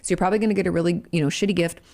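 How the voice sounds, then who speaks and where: Woman commentator, low voice, casual explainer, plain-spoken. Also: steady tone, very fast, darkish tone. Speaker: commentator on family dynamics. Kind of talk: explaining to viewers.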